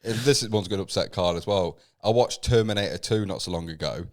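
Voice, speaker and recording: A man's voice: low-pitched, quick pace. A man co-hosting a casual podcast, dryly provoking the others with blunt, sweary takes. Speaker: podcast co-host. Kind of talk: casual pub-style banter.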